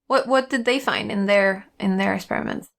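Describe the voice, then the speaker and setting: A woman's voice: mid-range voice, brisk, creaky, fairly bright tone. Woman podcast co-host, chatty, thinks aloud, video call. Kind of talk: casual chat.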